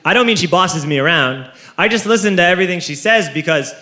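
A man performing a stand-up comedy routine, telling an animated story and switching into exaggerated voices for the people he quotes. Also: high voice, quick pace, reverberant. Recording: noisy live stand-up recording.

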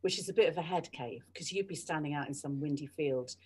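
A middle-aged woman, a radio journalist, telling lively anecdotes in a podcast interview. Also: low voice, fast, breathy edge. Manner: animated, mimics colleagues' voices. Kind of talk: storytelling interview chat.

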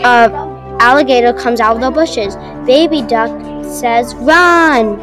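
A woman reading a homemade story aloud, halting and restarting, with music behind. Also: on the high side.

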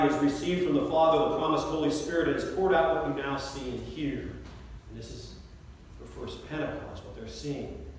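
A man's voice: fairly high pitch, a little hiss or hum. A male pastor preaching a sermon in a conversational way, often asking the congregation questions. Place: church sanctuary. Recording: echoey church from a distant mic.

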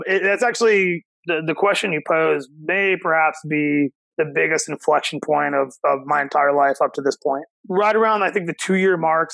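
A man in his thirties from Ohio, a chef guesting on a podcast, telling a personal story in a reflective, halting way with many restarts. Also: a little high, creaky, pushed and bright, no room sound, poor audio. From Cincinnati, Ohio, USA. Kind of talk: casual interview storytelling.

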